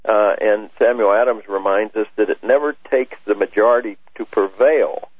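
Male radio guest, low husky voice, earnest and halting, heard over a dry phone line. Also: no echo. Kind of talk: talk radio interview.

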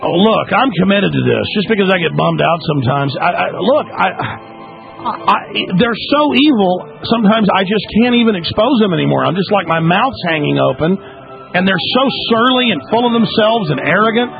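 A man hosts a call-in radio show, his voice high and gravelly. He talks in agitated bursts full of restarts and repeated words. The audio is thin and phone-like, with faint music underneath. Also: lively intonation. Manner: rapid, stammering, agitated. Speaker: radio talk show host.

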